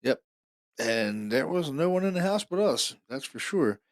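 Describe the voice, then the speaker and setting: A man's voice: on the high side, big pitch swings, unhurried, no room sound, clean studio sound. A man hosting a podcast, talking casually and eagerly about recorded evidence, repeating himself often. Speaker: podcast host.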